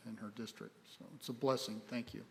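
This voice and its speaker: A man's voice: mid-range voice, fairly even intonation, a little fast, vocal fry. A man chairing a city council meeting as mayor, friendly and joking with staff and residents. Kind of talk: chairing a public meeting, casual asides. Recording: long reverb of a council chamber.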